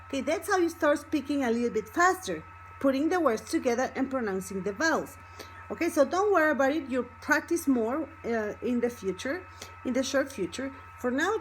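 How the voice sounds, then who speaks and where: High-voiced woman teacher, slow and patient, keeps asking okay, light hum behind. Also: expressive, low-quality recording. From Mexico. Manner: patient, repeats numbers slowly then fast, checks with "okay?". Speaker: Spanish teacher. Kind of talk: language lesson.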